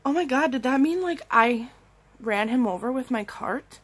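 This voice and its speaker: A woman vlogging from bed while sick with strep throat, telling an animated story full of "like" fillers and acted-out quotes. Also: high-pitched, normal speed, husky. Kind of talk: casual storytime rant. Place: in bed at home.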